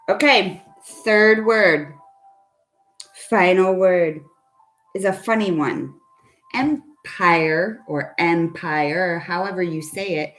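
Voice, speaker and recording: A woman teaches children phonics over a video call, her pace unhurried and deliberate. She is patient and coaxing, often pausing to put questions to her students. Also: on the low side. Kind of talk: online phonics lesson for kids.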